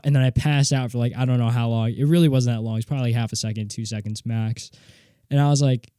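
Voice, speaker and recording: Rich: a young man recounts a story on his solo podcast, rambling and animated, cursing freely. His voice is mellow and warm. The sound is dry and close, as from a home studio mic. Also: medium pitch, normal speed, clean tone, no room sound. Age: young adult. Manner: rambling, animated, swears casually. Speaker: podcast host. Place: home studio with guitar and mixing board.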